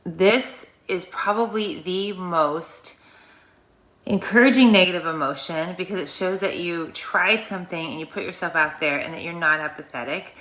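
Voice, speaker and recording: A woman with a low, bright and forceful voice talks listeners through an emotional release exercise. She rambles in a chatty, earnest way. The room around her is echoey. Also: moderate pace. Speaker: host of a wellness channel. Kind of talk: guided emotional release talk.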